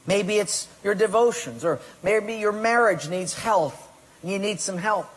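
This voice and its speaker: A man's voice: high-pitched, unhurried, slightly rough. A man preaching a sermon emphatically, acting out people's excuses and God's commands in quoted voices. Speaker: pastor. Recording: long hall reverb.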